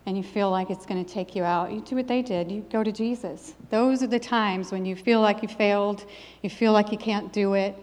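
A woman's voice: mid-range voice, darkish tone. A middle-aged woman preaching a sermon with a personal testimony, in an earnest, emphatic preaching cadence. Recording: long hall reverb.

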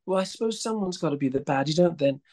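A man's voice: a little high, lively intonation, quick pace, warm tone, voice pushed up, lightly acted. A man imitating a flustered, disapproving older woman who stammers over her words.

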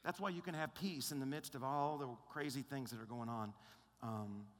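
A man's voice: mid-range voice, normal speed, fairly bright tone. A male pastor preaching a sermon in an emphatic, conversational way, often checking in with his listeners. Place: large church auditorium. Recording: long reverb of a large hall.

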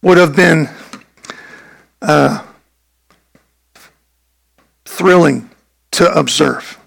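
A man, a pastor, preaching a sermon earnestly and emphatically, with a gravelly voice. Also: fairly high pitch, very slow, fairly bright tone, rough recording.

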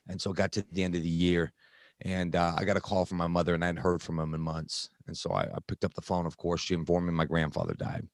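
A man with a very deep voice tells a painful personal story in conversation. He speaks earnestly, stopping and restarting often. The recording is dry, with no room sound. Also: steady tone, no room sound. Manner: earnest, halting, many restarts and fillers. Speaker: guest sharing recovery story.

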